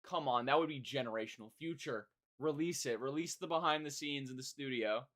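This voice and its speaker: A man live-streaming his reaction to a song, with blunt, exclaiming comments and quick critical asides. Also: mid-range voice, fairly bright tone.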